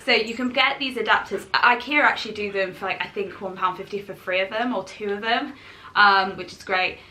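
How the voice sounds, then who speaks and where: A woman's voice: medium pitch, a little fast, bright, forceful tone. Chatty woman vlogging at home. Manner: chatty and enthusiastic, laughs often. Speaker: lifestyle vlogger. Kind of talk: casual chat to camera. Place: at home, indoors.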